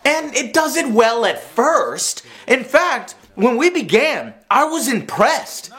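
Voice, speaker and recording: A man's voice: extremely high pitch, big pitch swings, slow, a bit bright. A man reading a scripted game review voice-over, earnest with a wry edge.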